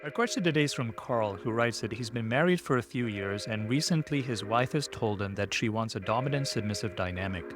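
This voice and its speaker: A man's voice: mid-range voice, lively intonation, a little fast, hardly any pauses. A man co-hosting a casual podcast. He reads out a listener's question and then speculates about it thoughtfully, hedging as he goes. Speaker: podcast co-host.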